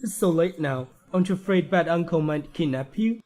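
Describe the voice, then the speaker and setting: A man playing a nosy, excitable young man in a dubbed drama, with a teasing, eager manner. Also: a little high, a little fast, natural voice.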